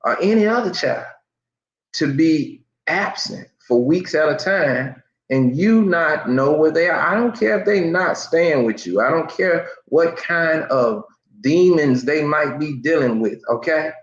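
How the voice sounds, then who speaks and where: A man's voice: fairly high pitch, expressive, measured pace. A man giving impassioned commentary as an online news host, speaking emphatically and often restarting his sentences. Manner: repetitive, emphatic, stammering restarts. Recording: roomy, dull lo-fi sound.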